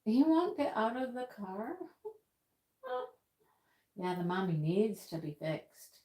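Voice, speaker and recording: A woman hosts a casual livestream from her crafting table at home, talking slowly in a mellow voice. Her pitch sits in a middle range. She rambles from one topic to the next and often repeats herself. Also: expressive. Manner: chatty and rambling, with repeated words. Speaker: livestream host. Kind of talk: casual live-stream chat while crafting.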